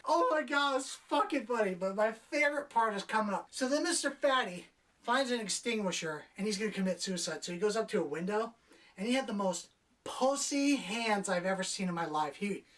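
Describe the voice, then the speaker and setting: A woman's voice: medium pitch, expressive, fairly quick, a bit bright, recorded from a distance. A young adult woman giving a casual spoiler review of a movie, exasperated and profane, doing mocking impressions of the characters.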